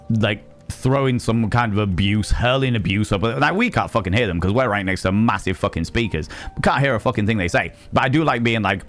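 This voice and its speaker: A man, a streamer and sex educator, chatting casually and telling animated, wry stories while swearing freely. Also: fairly low pitch. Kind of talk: casual live-stream chat.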